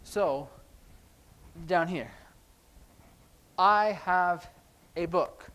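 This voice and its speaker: A man's voice: sits high, very slow, fairly bright tone, clear, resonant tone, low-quality recording. A man teaching a sign language class at church, chatty and rambling with jokey asides.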